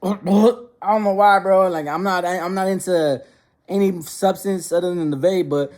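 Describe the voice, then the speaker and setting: A man's voice: high-pitched, fairly even intonation, normal speed, darkish tone. A young man telling a funny personal story in casual slang, repeating words and restarting sentences as he goes.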